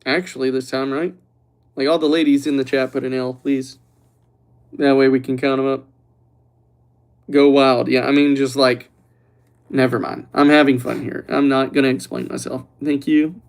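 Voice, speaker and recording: A young man hosting a casual livestream, talking to his chat in a loose, joking voice that sits at an ordinary middle pitch. He teases the viewers as he reads their comments and sounds relaxed and a little tipsy from red wine. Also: moderate pace, creaky, long pauses. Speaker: livestream host.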